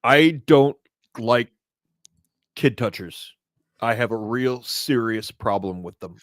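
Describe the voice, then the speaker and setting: Animated indignant man in his fifties. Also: slow pace, no room sound, clean studio sound. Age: 50s. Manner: animated, indignant, jumps in pitch when worked up. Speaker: podcast co-host. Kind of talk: casual talk show banter.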